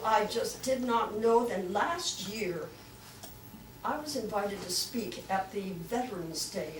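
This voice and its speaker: An older woman giving a lively storytelling talk to a club, acting out the voices she quotes. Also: mid-range voice, noisy background. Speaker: guest speaker. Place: club meeting room. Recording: echoey room, mic from far off.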